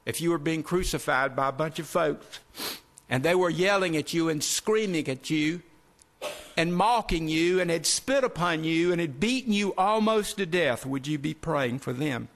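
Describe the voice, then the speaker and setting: A man preaching a sermon, earnest and direct, asking the congregation rhetorical questions and slowing down to stress key phrases. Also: a little high, a bit bright. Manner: earnest, addresses listeners as folks, asks rhetorical questions.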